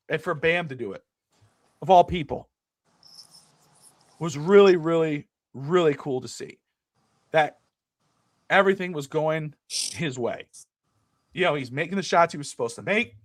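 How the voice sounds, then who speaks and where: Man, middle-aged, sports talk co-host, lively ranting, slightly high voice, dry close sound. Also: a little slow, pauses often, no echo. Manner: animated, ranting, swears freely. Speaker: podcast co-host.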